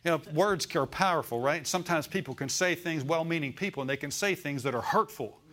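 A man's voice: fairly high pitch, a little fast, fairly bright tone. An older man preaching a sermon in a folksy, rambling way, climbing to emphatic declarations when he quotes scripture.

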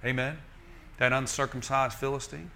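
Lively male preacher, folksy, joking, bright tone. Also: medium pitch, normal speed, vocal fry. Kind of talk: sermon.

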